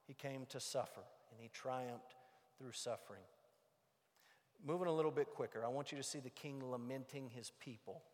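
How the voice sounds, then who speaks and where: A man preaching a sermon, moving from loud emphatic points to hushed, quiet passages. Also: mid-range voice, normal speed, big-room sound. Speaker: pastor.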